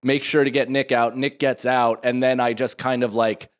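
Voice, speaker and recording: A man's voice: mid-range voice, flat delivery, moderate pace, smooth. A man in his thirties co-hosting a podcast, telling a story with lots of swearing and acting out the people he quotes. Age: 30s. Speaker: podcast co-host. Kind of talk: casual chat.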